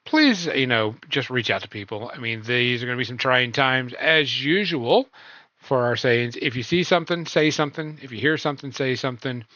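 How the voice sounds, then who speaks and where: A man's voice: mid-range voice, moderate pace, bright, forceful tone, dry recording, highs cut off. A man hosting a casual stream chat, loose and rambling, full of ums and uhs. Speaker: podcast host.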